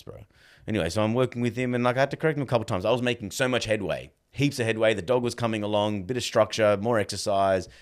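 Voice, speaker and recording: Deep-voiced man telling stories. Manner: animated, acts out dialogue, fills with "like" and "bro". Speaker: podcast guest. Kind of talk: casual storytelling.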